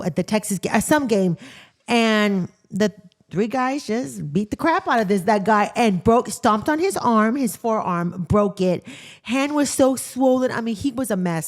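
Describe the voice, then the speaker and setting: A woman's voice: mid-range voice, a little mellow. A young adult woman co-hosting a podcast, chatting casually and laughing as she tells work stories as a correctional nurse. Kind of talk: casual chat.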